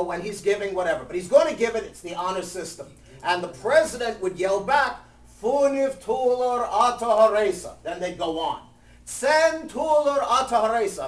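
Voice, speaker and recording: A man telling a story to a live group in a casual, jokey way, acting out voices. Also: high-pitched. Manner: lively, jokey, acts out voices and shouts. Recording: echoey room, mic at a distance.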